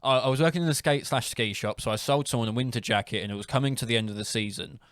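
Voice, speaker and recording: A man's voice: mid-range voice, racing, a bit bright, no room sound, studio quality. A young man hosting a casual podcast, rambling through anecdotes and laughing often. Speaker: podcast host. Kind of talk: casual chat.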